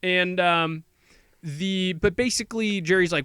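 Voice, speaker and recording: A man co-hosting a podcast, rambling through a movie plot and slipping into quick quoted voices for the characters. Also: high voice, pushed and bright, clear, resonant tone, no echo, studio quality. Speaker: podcast co-host. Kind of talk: casual movie recap chat.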